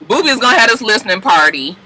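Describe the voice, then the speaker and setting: A woman's voice: on the high side, very animated, racing, pushed and bright, rough recording. A woman giving a casual, blunt episode recap, swearing freely and laughing as she goes. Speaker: reality TV recap vlogger.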